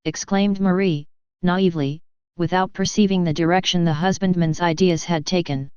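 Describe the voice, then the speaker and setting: Woman, audiobook narrator, steady even reading, very clear voice, dry dull recording. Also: lowish voice, unhurried, no echo. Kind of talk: scripted narration.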